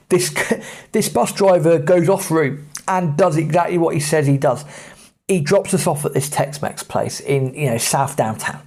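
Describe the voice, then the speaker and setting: An English man hosting a podcast, telling travel tales in a relaxed, chatty way. He talks animatedly with frequent laughs and plenty of asides. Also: a little high, moderate pace, gravelly. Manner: lively anecdotal, laughs often. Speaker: podcast host. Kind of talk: casual travel storytelling.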